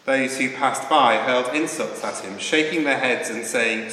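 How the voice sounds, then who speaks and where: A man reads a scripture passage aloud in a clear, declamatory manner, his voice bright and forward. The church hall around him is echoey, with a long reverb tail. Faint room ambience sits underneath. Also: mid-range voice, moderate pace, few pauses, a little hiss or hum. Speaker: scripture reader.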